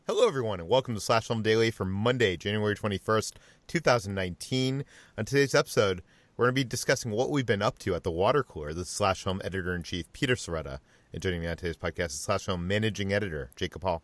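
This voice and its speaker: Low-voiced male podcast host, dry sound. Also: fast, dry recording. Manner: relaxed, rambling with fillers. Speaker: podcast host, editor-in-chief. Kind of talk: casual podcast chat. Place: Los Angeles.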